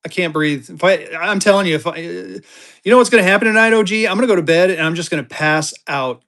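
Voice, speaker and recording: A live online auction seller doing fast sales patter, repeating phrases and getting excitable as bids come in. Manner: excitable, voice jumps high when bidding heats up; rapid hype with repeated phrases.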